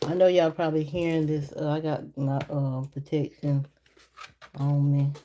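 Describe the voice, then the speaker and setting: A woman's voice: flat delivery, normal speed, warm tone, slight background noise. A woman reading tarot on a casual live stream, chatty and laughing often as she talks to her viewers. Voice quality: naturally deep voice. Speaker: livestream tarot reader.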